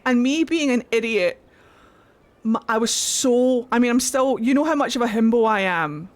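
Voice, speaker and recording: A woman streamer in casual chat, swearing freely as she tells an animated story. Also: a little high, normal speed.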